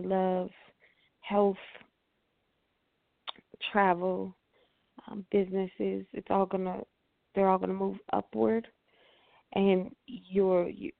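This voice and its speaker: Woman on call-in radio doing readings, super gravelly voice, calm, tinny phone sound. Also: mid-range voice, dry recording. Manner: calm, steady advice-giving. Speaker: radio host and spiritual reader.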